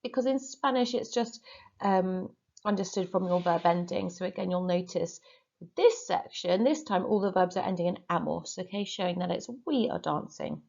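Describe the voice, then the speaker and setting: A woman, a teacher giving a recorded lesson with clear, patient instructions and repeat-after-me drills. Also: lowish voice, normal speed, darkish tone, muffled recording. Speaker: Spanish teacher.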